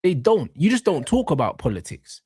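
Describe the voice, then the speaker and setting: A man ranting about football in heavy slang on a casual podcast. His voice sits high and leaps all over the place. The sound is dry and close. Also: moderate pace, breathy edge, no room sound. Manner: animated, slangy and swearing, ranting. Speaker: podcast host.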